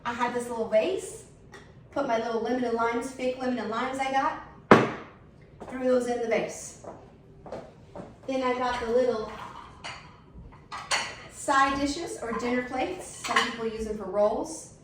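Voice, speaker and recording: A woman's voice: a little high, unhurried, pauses often, distant mic, heavy background noise. Sassy woman in an echoey room. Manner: sassy, blunt, animated storyteller. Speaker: vlogger setting a table. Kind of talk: casual storytelling chat.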